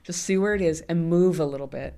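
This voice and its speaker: A woman's voice: fairly low pitch, quick pace, dark tone. A middle-aged woman, a guest in an interview, talking candidly and animatedly, often laughing. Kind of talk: conversational interview.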